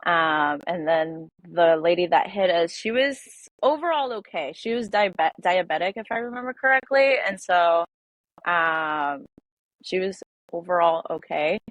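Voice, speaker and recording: A woman's voice: on the low side, a bit bright, no echo. A young woman in her twenties, a podcast guest, telling a personal story with many fillers and restarts. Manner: halting, filler-heavy, emotional retelling. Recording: dull lo-fi dry audio.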